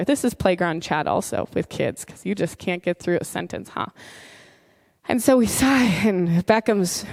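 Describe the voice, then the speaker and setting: A woman in her thirties preaching a sermon in an earnest, conversational storytelling manner, with heartfelt warmth. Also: medium pitch, no echo, studio quality. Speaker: pastor.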